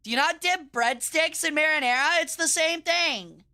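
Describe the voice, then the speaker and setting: High, bright-voiced bratty woman streamer. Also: moderate pace. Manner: playful, bratty, mock-outraged banter with chat. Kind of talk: casual gaming livestream chat.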